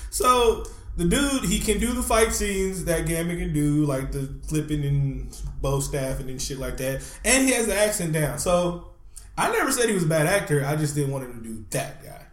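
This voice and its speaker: Animated man in a roomy room. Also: a little high, normal speed. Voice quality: animated storyteller, swears freely. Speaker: podcast co-host. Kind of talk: casual chat. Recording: roomy echo.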